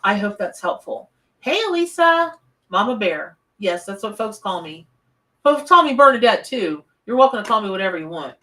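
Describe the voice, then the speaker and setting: A woman's voice: mid-range voice, sing-song, moderate pace, a bit bright, recorded from a distance. A woman, live-streaming a tarot reading from her home office, chatty and effusive as she greets viewers. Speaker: tarot reader on a livestream.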